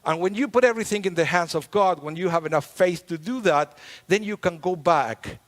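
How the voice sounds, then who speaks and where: A man giving a sermon as a rabbi, talking in a conversational, lively way with playful humor. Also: fairly high pitch. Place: synagogue sanctuary. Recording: long hall reverb in a large sanctuary.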